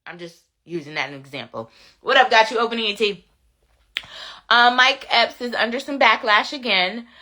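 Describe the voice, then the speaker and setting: A woman's voice: fairly high pitch, normal speed, pushed and bright. A woman hosting a casual commentary show, reading viewer comments and repeating phrases to drive her points home. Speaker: commentary channel host.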